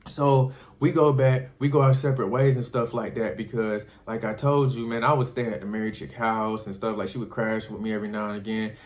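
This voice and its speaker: A young man casually telling a personal story in a slangy, profane way. He keeps calling the listener "bro" and jumps way up in pitch when he acts out his own shocked reactions. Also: fairly even intonation, fairly quick, hardly any pauses.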